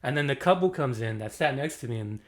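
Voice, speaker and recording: A man giving a casual movie review, animated and slangy, laughing often as he talks. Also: medium pitch, fast talker.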